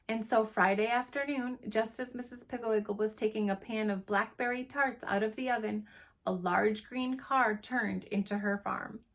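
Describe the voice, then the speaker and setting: A teacher reading a chapter book aloud to young children, with expressive storytelling. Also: female voice, fairly high pitch, moderate pace.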